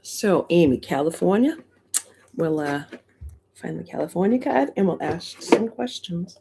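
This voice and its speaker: A woman's voice: lowish voice, animated, measured pace, creaky, background noise. A middle-aged woman with a Boston accent, hosting a live stream in casual chat, greeting viewers and laughing often.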